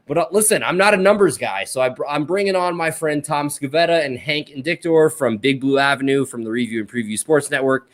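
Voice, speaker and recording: A man's voice: fairly high pitch, brisk, few pauses. Laid-back joking podcast host, a man. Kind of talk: casual podcast chat.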